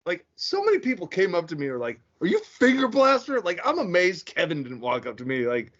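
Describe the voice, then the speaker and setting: A man co-hosting a podcast, chatting casually and dropping wry, quick interjections. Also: on the high side, very animated, a bit bright. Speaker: podcast co-host. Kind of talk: casual chat. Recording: dull, lo-fi podcast audio.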